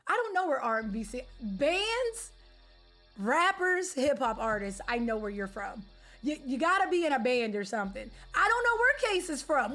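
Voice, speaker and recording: A woman streamer chatting casually with her live viewers, animated, slangy and opinionated. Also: sits high. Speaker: game streamer.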